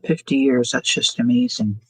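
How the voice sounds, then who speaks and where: A woman's voice: very deep voice, very animated, normal speed, breathy edge, dry recording, poor audio. A woman hosting a crafting livestream, chatting casually, thinking aloud and answering viewer comments as she works. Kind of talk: casual chat while crafting.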